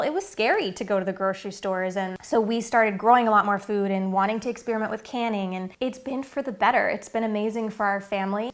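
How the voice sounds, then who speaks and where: A woman in her thirties talking casually to camera about her family's routine, earnest and chatty with many fillers. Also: mid-range voice. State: getting emotional, near tears. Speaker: vlogger and mother.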